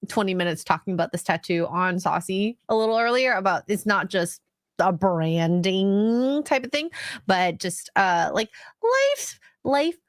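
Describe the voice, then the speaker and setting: A woman's voice: medium pitch, moderate pace, no echo, studio quality. A woman from Canada with a Canadian accent, chatting as a guest streamer on a podcast, bubbly and self-deprecating. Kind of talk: casual podcast chat.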